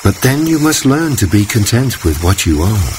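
A man's voice: fairly low pitch, big pitch swings, normal speed, background noise, voice pushed up. A man voicing a breezy, self-assured female ladybug in a storybook reading. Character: carefree, confident lady ladybug.

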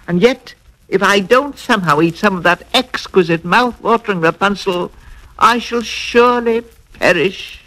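Dramatic young wife craving salad, guy doing her voice, slow pleading, highish, kids record. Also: sharp tone, low-quality recording. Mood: longing. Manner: pleading, drawn-out. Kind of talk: children's storybook record.

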